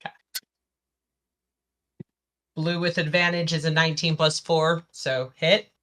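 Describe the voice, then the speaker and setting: Upbeat, bright-voiced player counting dice. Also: mid-range voice, level tone, unhurried. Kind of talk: casual tabletop play.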